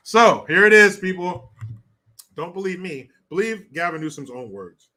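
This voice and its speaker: A man's voice: high-pitched, expressive, normal speed, pushed and bright. A man ranting in a crude, sarcastic commentary vlog, often laughing at his own jokes. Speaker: online commentator.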